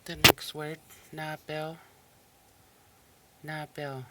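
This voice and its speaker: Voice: medium pitch, extremely slow, heavy background noise. A language teacher on a recorded listening lesson, repeating each word patiently and breaking it into syllables. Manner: patient, even explaining tone.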